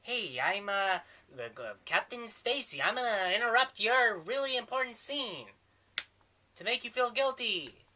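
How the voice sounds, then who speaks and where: A man mocking a pushy ghost captain, high. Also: expressive, unhurried, pushed and bright, a little hiss or hum, heavily acted. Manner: mocking, exaggerated. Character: pushy male police captain ghost, guilt-tripping.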